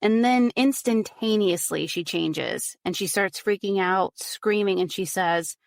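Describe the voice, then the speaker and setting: A woman walks through a true crime case in a loose, animated podcast chat, peppering her telling with "like" and "you know". Her voice sits at an ordinary middle pitch and is recorded close and dry, with no room sound. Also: unhurried, gravelly, no room sound. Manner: animated retelling, frequent "like" and "you know", acts out quotes. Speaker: podcast guest recounting a case. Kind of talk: casual true crime storytelling.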